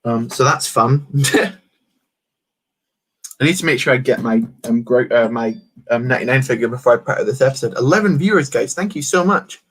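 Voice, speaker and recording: A man's voice: mid-range voice, a little fast, breathy edge. Rambling young man live-streaming a build. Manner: rambling, reads chat aloud, many fillers. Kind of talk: casual live-stream chat.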